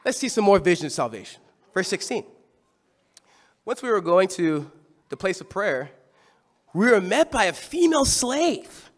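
A man preaching a sermon, telling the story in an animated, conversational way. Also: high-pitched.

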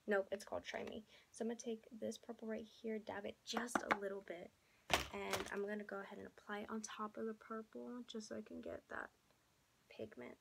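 A young woman with a hoarse voice, chatting casually as a beauty vlogger through a makeup tutorial and often dropping into soft half-whispered asides. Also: mid-range voice, level tone, a little fast, heavy background noise. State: hoarse, losing her voice.

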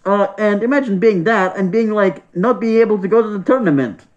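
A man's voice: sits high, fairly quick. A man vlogging a casual opinion rant, exasperated and profane, repeating himself as he talks. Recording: dull lo-fi sound.

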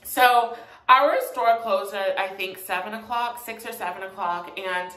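A woman's voice: mid-range voice, a little slow, bright, forceful tone. A young woman casually telling a retail storytime, chatty and sassy, in an echoey room. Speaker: vlogger.

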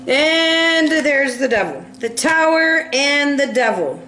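A woman's voice: sits high, animated, slow pace, bright, forceful tone, roomy sound. A woman giving a casual, playful tarot reading, laughing often and acting out little voices, with a cough now and then. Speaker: tarot reader.

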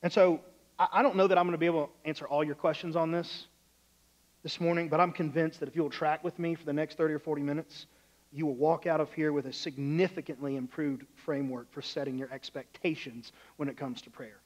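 A man's voice: fairly high pitch, fairly even intonation, brisk, rough recording. A male pastor preaching a sermon in a church, loose and conversational, acting out the voices in his stories.

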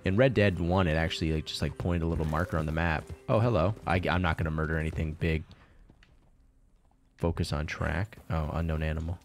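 A man with a very low voice keeps up a relaxed running commentary while he plays a video game. He swears freely and laughs easily, talking to himself and to his viewers as he goes. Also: fairly quick. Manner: laid-back, swears constantly, chuckles between remarks. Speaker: game streamer. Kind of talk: casual let's-play commentary.

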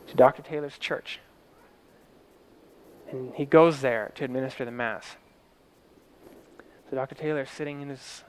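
A man's voice: a little high, fairly bright tone. A man telling a story in a vivid present-tense style, swelling and dropping his voice for drama.

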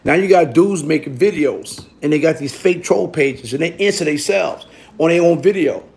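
A man's voice: a little high, normal speed, creaky, a little mellow. A middle-aged man with a New York accent telling a casual story in streetwise, profane slang, checking in with the listener again and again. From Brooklyn, New York. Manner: streetwise, profane, keeps asking "you heard?".

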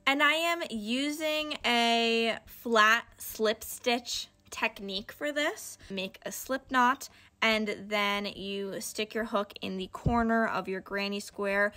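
A woman's voice: a little high, takes it slowly, bright, forceful tone. A young woman chatting casually through a crochet tutorial, upbeat and full of slang. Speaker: crochet video host.

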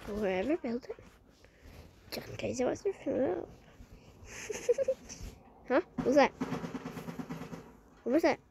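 A woman playing a game and chatting to viewers, excitable and talking to herself, often dropping to a hushed whisper. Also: high voice, moderate pace, creaky, pauses often, noisy background. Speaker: gaming vlogger.

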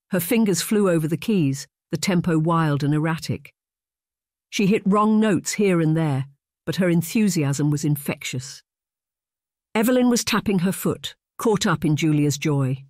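A steady, even audiobook narrator reading a period romance. The voice sits in a middle register, and the recording is close and dry with no room sound. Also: mid-range voice, no room sound. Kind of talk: scripted narration.

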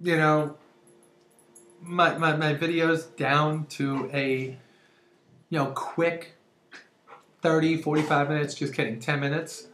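Energetic chatty woman in her forties. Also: deep voice, slow, long pauses, a little hiss or hum. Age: 40s. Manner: energetic, chatty, laughs often. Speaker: vlogger. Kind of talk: casual vlog monologue. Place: room at home. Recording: roomy echo.

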